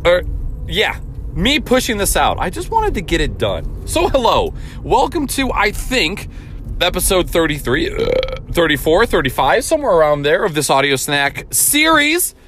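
A man opens his podcast in a loose, unscripted, chatty way. His voice sits a little high and moves a lot as he talks. Faint vehicle noise hums in the background. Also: huge pitch swings, moderate pace, fairly bright tone. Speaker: podcast host. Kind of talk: casual podcast intro.

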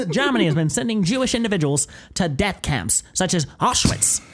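A man putting on a 1940s radio newscaster voice, reading war headlines slowly and gravely. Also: high voice, very animated, voice pushed up.

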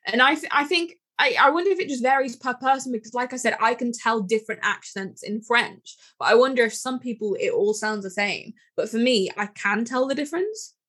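A young woman from York with a southern English accent, chatting casually and relaxed, with the odd casual swear. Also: fairly high pitch, brisk, hardly any pauses, slightly rough. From York, England. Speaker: conversation partner. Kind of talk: casual chat.

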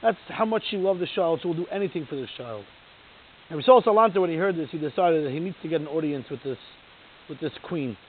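High-voiced man preaching over a tinny line. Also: expressive, fast, a little hiss or hum. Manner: storytelling, building to emphatic rhetorical questions. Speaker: Torah lecturer. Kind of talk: sermon. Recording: tinny phone-like recording.

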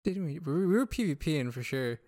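A man chatting as a guest on a gaming podcast, excitable, laughing and swearing casually. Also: a little high, brisk, dry recording.

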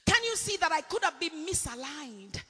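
A woman from England preaching a sermon with passion, swinging between shouted declarations and quiet confession. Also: high-pitched, sing-song, moderate pace. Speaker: apostle preaching. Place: church hall. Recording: long hall reverb with faint music.

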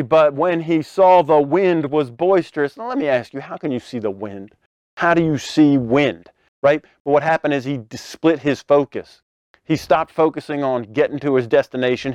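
Male preacher, casual sermon, smooth higher voice, dry close mic, animated storyteller who laughs often. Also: dry recording. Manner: animated, acts out scenes with sudden loud bursts; laughs often between phrases. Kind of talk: conversational sermon.

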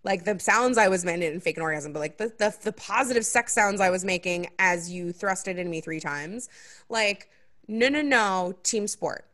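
Hosting a podcast, a young woman tells a story in easygoing conversation, mimicking others' words with large shifts in pitch. She speaks at an ordinary pace with a fairly bright tone.

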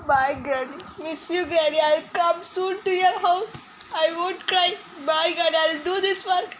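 A woman's voice: very high-pitched, fairly even intonation, unhurried, fairly bright tone, a little hiss or hum, voice pushed up, low-quality recording. A woman voicing an emotional young guest in his twenties who gushes with tearful thanks. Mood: moved, grateful. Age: 20s.

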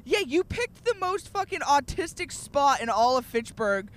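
A woman co-hosting a comedy podcast in casual chat, swearing often, laughing and mocking people with quick impressions. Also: high-pitched, very animated. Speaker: podcast co-host.

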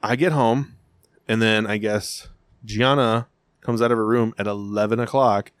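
A man's voice: on the low side, unhurried, clear, resonant tone, no room sound, clean studio sound. Blunt, profane man in casual chat. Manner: blunt, profane, animated storytelling.

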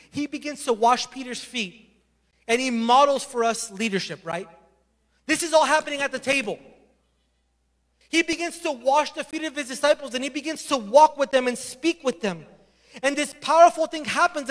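A man preaching a sermon as a pastor, telling the story with animated energy and acting out the voices. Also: extremely high pitch, long reverb tail.

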